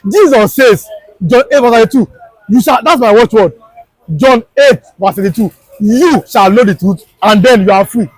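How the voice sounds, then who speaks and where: High-voiced Nigerian man, emphatic and repetitive. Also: animated, moderate pace, a little mellow, dry recording, low-quality recording. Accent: Nigerian, Yoruba. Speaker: street political commentator. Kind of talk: impassioned political commentary. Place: outdoors on a Lagos street.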